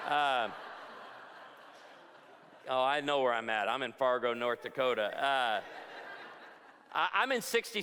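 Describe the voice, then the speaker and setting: A man's voice: mid-range voice, bright, forceful tone, clean tone. A man in his forties, a pastor giving a humorous conference talk to a live audience, telling jokey stories and asking the crowd for amens. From outside Chicago. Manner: joking storyteller, punchlines, asks the crowd for amens. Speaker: pastor and speaker. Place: large hall before a live audience. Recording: reverberant hall.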